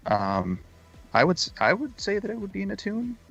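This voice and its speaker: A man's voice: high-pitched, huge pitch swings, normal speed, gravelly, a bit bright, slightly rough, muffled recording. A man playing a tabletop game, talking hesitantly and thinking aloud. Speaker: player.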